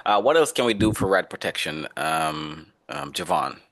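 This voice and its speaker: A man with a low voice leads an online lesson. He talks in a relaxed, conversational way and stops often to quiz students by name. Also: moderate pace, gravelly. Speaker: instructor. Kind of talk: online class lecture.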